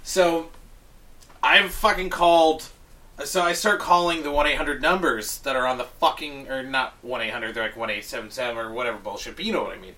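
A man's voice: medium pitch, a little fast, recorded from a distance. Swearing, exasperated man ranting. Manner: exasperated, heavy swearing, animated retelling. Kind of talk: casual chat, profane ranting story.

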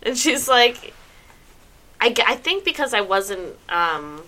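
A woman's voice: a little high, sing-song, slow, sharp tone. A woman co-hosting a podcast in casual chat, playful and rambling, laughing along. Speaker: podcast co-host.

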